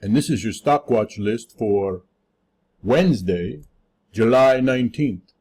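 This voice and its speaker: A man putting on a loud, showy mock Russian-accented announcer voice for a welcome. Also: mid-range voice, big pitch swings, measured pace, slightly rough. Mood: hammy.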